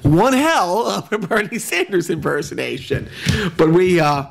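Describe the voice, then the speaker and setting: Halting male podcast co-host. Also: high-pitched, big pitch swings, vocal fry. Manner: halting, many restarts and fillers. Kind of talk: casual chat. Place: echoey room at home.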